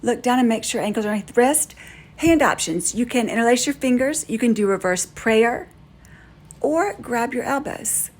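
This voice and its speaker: A woman yoga instructor giving calm, steady step-by-step cues through a guided class. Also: fairly high pitch, normal speed.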